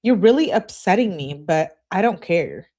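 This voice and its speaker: A woman's voice: fairly low pitch, big pitch swings, normal speed, mellow. A woman reading aloud as an upset teenage girl, clingy and indignant, complaining in an exasperated way. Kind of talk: reading text messages aloud.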